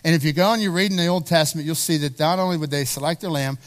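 A man's voice: a little high, rapid-fire. A man preaching a sermon as pastor, earnest and emphatic, often repeating words as he builds a point.

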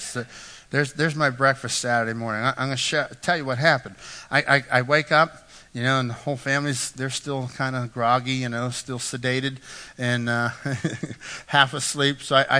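A man's voice: medium pitch, steady tone, normal speed, bright, forceful tone. A middle-aged man preaching a sermon, telling self-deprecating stories with frequent "right?" asides. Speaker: pastor. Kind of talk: storytelling sermon. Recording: echoey hall reverb.

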